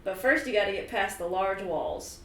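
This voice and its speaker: A woman's voice: medium pitch, normal speed. Brief: young woman game master, casual and sweary, roomy far-off mic with faint room noise. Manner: laughs often, swears freely, bursts into loud yelps. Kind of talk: casual chat and tabletop game narration. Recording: roomy, distant mic, faint background ambience.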